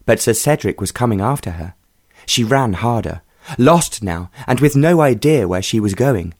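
A man narrating a romance audiobook in a measured, even storytelling manner. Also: medium pitch, no echo, clean studio sound.

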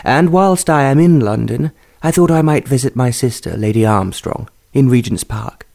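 A man voicing a gentle, formal aristocratic father in a storybook reading, speaking softly and kindly. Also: medium pitch, normal speed, vocal fry, close to an everyday voice.

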